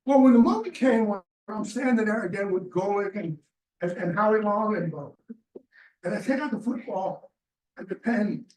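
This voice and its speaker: Here a man whose voice sits high, with a darkish tone, speaks expressively at a moderate pace. He's a chapter member spinning a rambling sports anecdote for a small club group in a restaurant meeting room, quoting people as he retells the dialogue, captured roomily on a distant mic.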